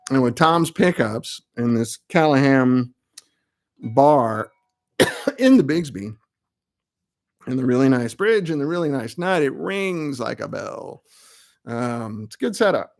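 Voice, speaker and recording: Slow and animated, with long pauses, this mid-range male voice belongs to a middle-aged amp builder. He's hosting his live web show in casual stream-chat mode, rambling and making self-mocking remarks.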